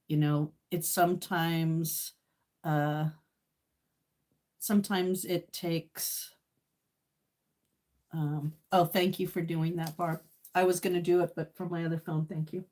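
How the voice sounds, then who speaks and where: A woman's voice: sits low, little pitch movement, takes it slowly, long pauses, darkish tone. A woman in her sixties chatting on a casual live stream, emotional and tearful, swinging between laughter and tears, with many fillers. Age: 60s.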